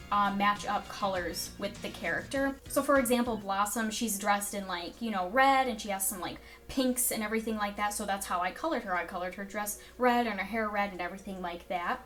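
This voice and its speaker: A woman's voice: medium pitch, fairly bright tone. A young woman vlogging casually to camera, telling rambling stories full of "like" and "um". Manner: rambling, filler-heavy storytelling with frequent "like" and "um".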